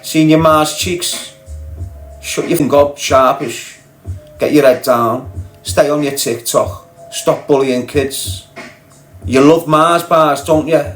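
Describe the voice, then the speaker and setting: A man's voice: mid-range voice, fairly even intonation, slow pace, fairly bright tone, faint music behind, low-quality recording. A man with a Scouse accent delivering a confrontational, mocking rant as a podcast guest. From Liverpool, England. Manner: confrontational, mocking, blunt and sweary. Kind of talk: ranting monologue.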